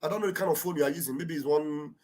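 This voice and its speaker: A woman hosting an online show, giving fervent, repetitive political commentary that often rises to shouting. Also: low voice, racing.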